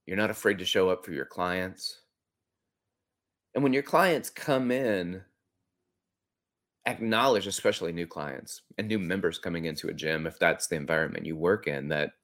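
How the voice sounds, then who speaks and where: Low-pitched and fairly bright in tone, this middle-aged man hosts a podcast. He reflects earnestly while recounting a personal story within a coaching talk, frequently starting his sentences over.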